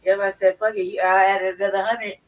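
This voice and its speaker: A man's voice: high voice, level tone, brisk, distant mic, poor audio. A man co-hosting a casual podcast chat, cursing and boasting brashly. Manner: brash, profane, boastful banter. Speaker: podcast co-host.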